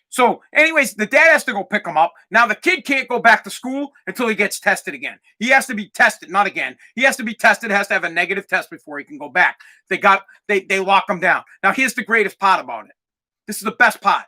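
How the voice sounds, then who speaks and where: Male podcast host, comic storytelling rant, bright tone, swears, gets loud. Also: high voice, fast. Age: adult parent of a twelve-year-old. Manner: animated, acts out voices, swears, gets loud when ranting.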